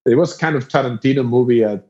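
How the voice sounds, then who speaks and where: A man from Spain with a Spanish accent, a guest musician telling an animated story in casual chat, jumping into a much higher voice to play the other people and laughing often. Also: fast, muffled recording.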